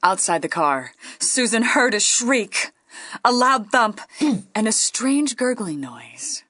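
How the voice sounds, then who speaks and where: A woman reading a ghost story aloud, playful and dipping into hushed whispers. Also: fairly high pitch, big pitch swings, slow pace, dry recording, studio quality. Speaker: guest storyteller.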